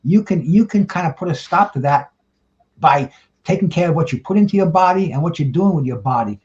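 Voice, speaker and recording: A fairly high-voiced man talks plainly and bluntly on a panel. He often trips over his words and restarts. The recording sounds dull and lo-fi. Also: animated, a little fast, darkish tone. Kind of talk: casual panel talk.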